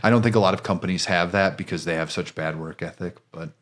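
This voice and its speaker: A man's voice: low-pitched, fast talker, fairly bright tone. A man co-hosting a podcast in casual, joking chat. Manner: joking, playful, trails off and restarts. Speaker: podcast co-host.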